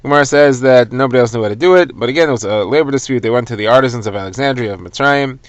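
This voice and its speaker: A man's voice: mid-range voice, racing, dry recording, highs cut off. A man teaching a daily Talmud lesson, retelling it conversationally and glossing Hebrew terms in English. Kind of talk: daily Talmud lesson, explained for listeners driving.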